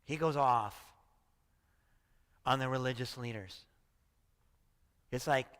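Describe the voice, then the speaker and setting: A man's voice: mid-range voice, a bit bright, clean tone. Older male pastor, sixties, conversational storytelling preacher, hall reverb. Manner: chatty, storytelling, often asks "right?". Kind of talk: conversational sermon. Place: church hall.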